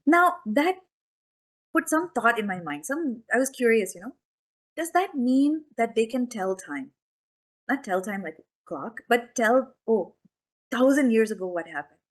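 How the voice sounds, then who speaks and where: Chatty woman giving a spiritual talk, higher voice. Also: sing-song, unhurried. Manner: chatty, questioning, many asides to the audience. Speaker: spiritual teacher. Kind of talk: conversational spiritual discourse. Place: temple hall.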